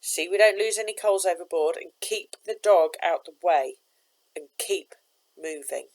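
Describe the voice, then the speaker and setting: A woman voicing a gruff, bossy coal-barge master who barks orders in rough speech, in a storybook reading. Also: on the low side, unhurried, darkish tone. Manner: barking orders, rough grammar.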